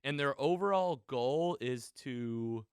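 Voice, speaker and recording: A man's voice: mid-range voice, slow pace, clean tone, dry recording, studio quality. Man animatedly recapping a movie plot. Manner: rambling, animated retelling with quoted lines and self-corrections. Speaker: podcast co-host. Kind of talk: casual movie recap chat.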